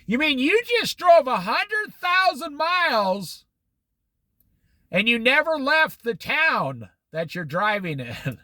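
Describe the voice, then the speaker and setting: A man's voice: very high voice, takes it slowly. A man giving a casual Bible study talk, acting out little dialogues between people and God. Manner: animated, acts out little dialogues. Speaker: Bible teacher. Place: Oregon coast.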